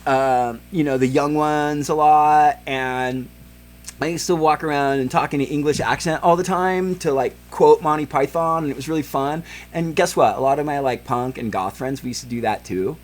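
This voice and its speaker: A man in his forties hosting a podcast, ranting in heated, profane political commentary with many fillers. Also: on the high side. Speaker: podcast host.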